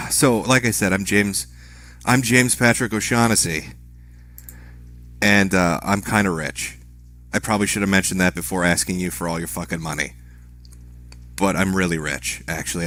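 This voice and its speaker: A man on a live stream speaks in a slightly low voice. His delivery is deadpan and sarcastic, with crude swearing that comes across as mock pleading. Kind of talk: livestream commentary.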